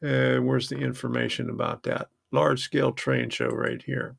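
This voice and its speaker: A man's voice: mid-range voice, flat delivery, moderate pace, vocal fry, breathy edge, no echo, studio quality. A man hosting a model train channel, chatting casually in a rambling, self-interrupting way. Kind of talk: casual livestream chat.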